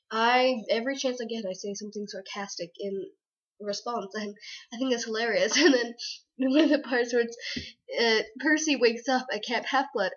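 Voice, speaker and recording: A young woman chats through a casual book review, gushing and giggling as she goes. Her voice sits a little high. The recording is dull and lo-fi, like a basic webcam mic.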